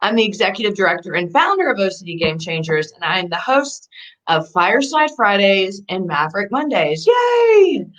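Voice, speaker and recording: A woman hosts a live online talk, chatty and bubbly and quick to laugh. Her pitch rises and falls with a lot of life. She sounds like she is speaking from home over a video call. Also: expressive, a bit bright, poor audio. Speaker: host. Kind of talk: casual livestream talk.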